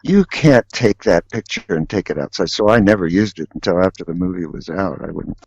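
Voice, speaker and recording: A man, a guest artist, telling anecdotes in a casual, animated way and acting out voices in his stories. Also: low voice, a little fast, vocal fry, slightly rough, no room sound. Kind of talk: casual storytelling. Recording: dull lo-fi dry sound.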